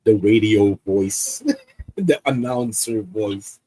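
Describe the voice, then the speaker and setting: A man's voice: on the low side, slow, dark tone, slightly rough, no room sound, low-quality recording. A man in a casual chat, making playful joking asides.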